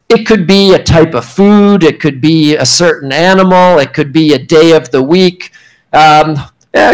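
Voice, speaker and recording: A man giving a classroom workshop lecture, speaking in a clear, emphatic teaching manner and often checking in with "okay?". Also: fairly high pitch, low-quality recording. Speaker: workshop instructor. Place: university meeting room.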